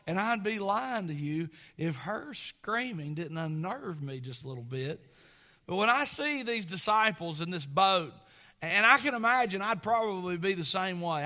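A middle-aged man preaching a sermon, telling a folksy story in an animated way. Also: high-pitched. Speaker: pastor.

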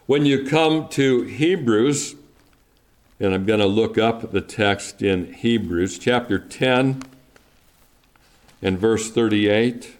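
A man preaching a sermon to his congregation, speaking deliberately and building emphasis through repetition. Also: on the low side. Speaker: pastor.

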